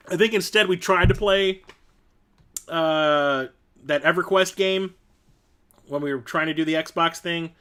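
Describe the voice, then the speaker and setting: A man's voice: high voice, smooth. A young adult man hosting a casual live-stream chat, rambling through stories and laughing often. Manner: rambling storyteller, laughs often, acts out quotes loudly.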